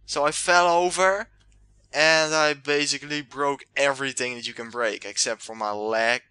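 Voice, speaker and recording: A young man giving excitable let's play commentary, yelling and trash-talking the game. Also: mid-range voice, moderate pace, clean tone. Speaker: gamer.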